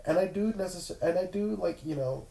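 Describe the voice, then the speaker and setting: A man's voice: sits high, gravelly, darkish tone, reverberant, poor audio. A young man hosting his podcast while sick with a cold, so his voice is nasal. He rambles in a casual solo chat, full of fillers and restarts. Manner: rambling, filler-heavy, self-interrupting. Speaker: podcast host. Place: in bed at home.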